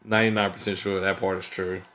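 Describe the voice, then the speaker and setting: A man's voice: low-pitched, flat delivery, fast, bright, forceful tone. A man talking through his thoughts in a casual, reflective vlog, earnest and conversational, often checking in with "you know what I mean". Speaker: vlogger.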